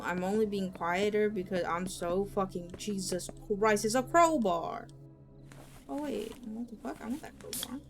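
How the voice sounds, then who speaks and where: A woman streamer playing a horror game, jumpy and swearing as she chats to her viewers. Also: mid-range voice. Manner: jumpy and swearing, chattering to chat. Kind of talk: casual live-stream chat.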